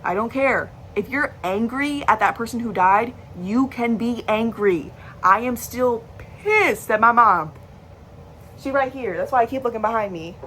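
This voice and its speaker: A woman's voice: a little high, normal speed, few pauses, fairly bright tone, slight background noise. A young adult woman speaking candidly to a camera, blunt and emphatic, swearing freely. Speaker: vlogger. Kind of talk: candid personal talk to camera. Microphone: device recording while talking to a screen.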